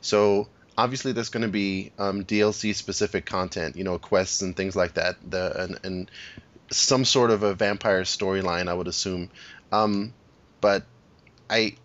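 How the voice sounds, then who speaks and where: Deep-voiced man, rambling podcast chat. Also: steady tone, moderate pace, fairly bright tone. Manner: rambling, many restarts and fillers. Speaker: podcast co-host. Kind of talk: casual chat about games. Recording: dull lo-fi podcast audio.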